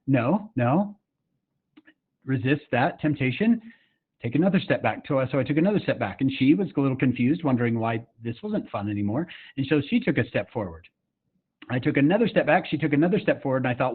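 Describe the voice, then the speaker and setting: A middle-aged man from Utah tells a personal story to a summit audience, earnest and chatty, often stopping to ask the listeners a question. His voice sits at an ordinary pitch. The sound comes through thin and tinny, like a phone line. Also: expressive, fairly quick, breathy edge. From Utah, USA. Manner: earnest, conversational, with frequent fillers and asides to the audience. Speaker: summit speaker.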